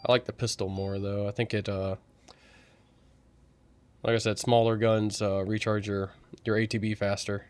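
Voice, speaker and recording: A man's voice: on the low side, flat delivery, normal speed, long pauses. A sleepy man thinking aloud as he streams a game playthrough. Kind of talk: casual game playthrough commentary.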